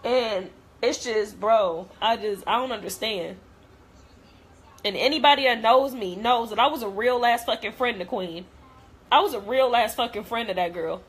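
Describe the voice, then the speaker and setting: A woman's voice: fairly high pitch, normal speed, husky. A young woman, talking straight to camera in an emotional rant, blunt and cursing heavily. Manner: blunt, heavy cursing, hurt and heated. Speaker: vlogger.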